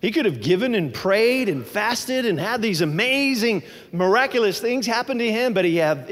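A man's voice: high voice, in a large hall. A male pastor delivering a sermon, preaching emphatically and asking the congregation questions.

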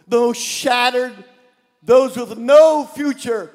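High-voiced older man preaching with fervor. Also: fairly even intonation, slow pace, long reverb tail. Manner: impassioned preaching, shouted refrains. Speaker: pastor. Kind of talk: sermon. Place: church sanctuary.

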